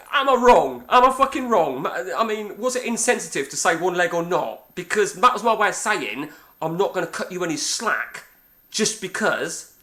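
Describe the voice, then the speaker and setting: A man's voice: sits high, sharp tone. A man in his forties with an English accent, chatting casually and swearing freely while playing a game and telling a rambling story. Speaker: gaming channel host. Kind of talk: casual chat over a game session.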